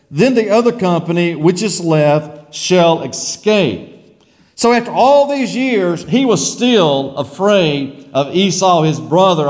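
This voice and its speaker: A preacher with a high, bright voice delivers a sermon to his congregation. He stretches out the words of the scripture he reads and keeps calling for answers from the pews. His voice rings with the long reverb of a large church hall. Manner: Bible reading with drawn-out emphasis; asks the congregation for responses.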